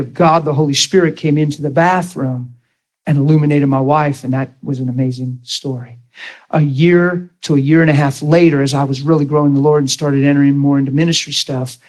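Emphatic storytelling preacher, slightly high voice. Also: male voice, rough recording. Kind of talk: sermon.

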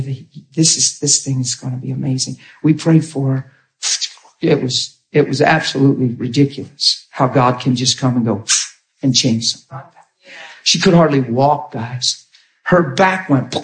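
A man preaching a sermon, telling stories with animated delivery and acting out the quoted voices in soft tones. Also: mid-range voice. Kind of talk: sermon storytelling. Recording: echoey room.

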